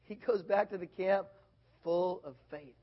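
A man preaching a casual sermon, animated, swinging from loud bursts to quiet asides. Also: high-pitched, a little slow, dull audio.

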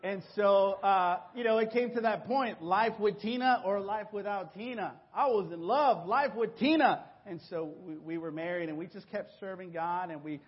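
A man from Mexico giving a personal testimony to his congregation, telling his story with animated exclamations and acted-out voices. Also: sits high, normal speed, few pauses, husky, lo-fi sound. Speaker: church member giving a testimony.

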